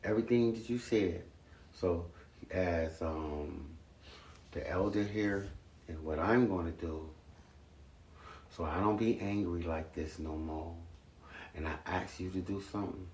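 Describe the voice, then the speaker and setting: A man's voice: sits low, a little slow, pauses often, a little mellow. A man talking to his sons at home, earnest and repetitive, lecturing and then apologizing. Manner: earnest, repetitive, plain-spoken. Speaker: father speaking to his sons. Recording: echoey room, far from the mic, faint hiss.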